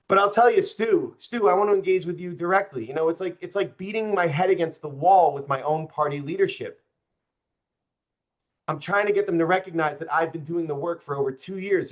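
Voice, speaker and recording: A young adult man with a higher-pitched voice speaks briskly as a political candidate giving a campaign speech to a group. He addresses the audience directly, passionate and openly frustrated.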